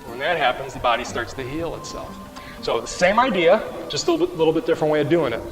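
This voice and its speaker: A man leads a rehab exercise class, talking patiently and conversationally as he guides each movement. His voice sits a little high, and it rings with the long reverb of a large room. Soft music plays faintly underneath. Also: expressive, fast talker. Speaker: qigong and mobility instructor.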